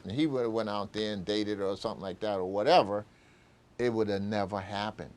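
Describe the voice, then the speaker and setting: Older man, interview storyteller, low voice, rambling, acts out dialogue. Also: a little fast. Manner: rambling, full of fillers, acts out old conversations.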